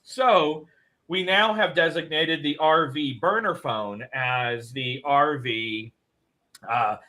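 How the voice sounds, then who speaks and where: Guy with a bright punchy voice rambling thru a story on a morning show. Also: mid-range voice, poor audio. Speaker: co-host. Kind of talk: casual morning show chat.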